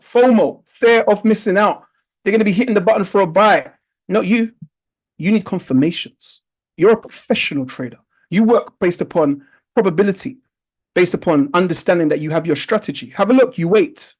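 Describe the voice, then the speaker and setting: A man with a notably high voice walks students through a chart in a live online trading class. He coaches by repeating key points and asking rhetorical questions, heard through a video-call mic. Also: moderate pace, low-quality recording. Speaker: trading instructor.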